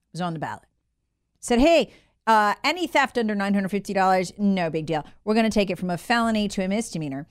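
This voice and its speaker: A woman talk radio host delivering a heated, scornful monologue and mockingly imitating people. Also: medium pitch. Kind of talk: opinionated talk show monologue.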